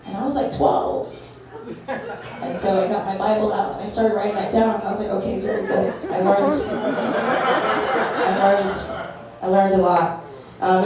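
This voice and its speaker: A young woman doing stand-up, talking in a halting, self-deprecating way full of fillers. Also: on the low side, mellow. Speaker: stand-up comic. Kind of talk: stand-up comedy set. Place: comedy club stage. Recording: echoey club from far off, crowd. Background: audience laughter.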